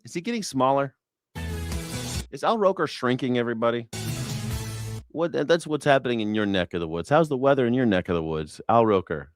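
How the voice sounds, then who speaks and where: A man's voice: mid-range voice, animated, a little fast, pauses often, faint music behind. A man hosting a show, telling stories in a loose, profane, laughing comedic rant. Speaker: show host.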